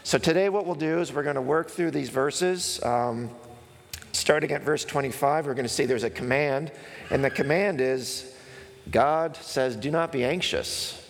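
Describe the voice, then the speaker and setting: A pastor preaching a sermon, earnest and explanatory, sometimes acting out a comic skit with a raised voice. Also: male voice, a little high, normal speed, vocal fry, a little hiss or hum. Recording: long hall reverb.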